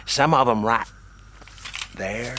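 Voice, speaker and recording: A man's voice: medium pitch, slow pace, sharp tone, a little hiss or hum. An actor playing a superstitious rural man who spins spooky tales about wandering spirits, with a drawling, folksy way of talking. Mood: ominous. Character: superstitious old-timer Hiram, spooky tale-teller.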